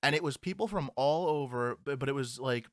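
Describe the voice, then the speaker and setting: A young man with a New Jersey accent, co-hosting a casual podcast, animated and swearing, laughing as he mocks himself. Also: mid-range voice, a little fast, dry recording, studio quality. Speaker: podcast co-host.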